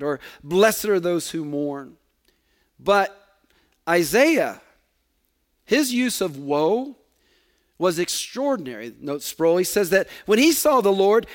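A man preaching a sermon, repeating words for emphasis and letting his voice sink at the ends of phrases. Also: high voice.

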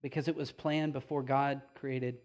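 A man preaching a sermon as pastor, with casual asides and rhetorical questions, swinging from loud emphasis to slow, quiet passages. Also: medium pitch, level tone.

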